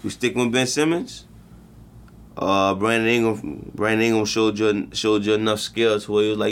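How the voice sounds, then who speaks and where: A man's voice: lowish voice, normal speed, a bit bright. A man co-hosting a casual sports chat, loose and joking with plenty of profanity. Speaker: podcast co-host.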